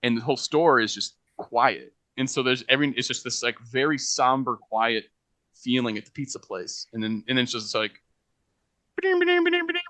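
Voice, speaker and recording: Young man, podcast co-host, forceful bright tone, dry close sound, animated storyteller who laughs often. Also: medium pitch, moderate pace, no echo. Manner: animated anecdote-telling, laughing often, acting out quotes. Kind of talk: casual storytelling chat.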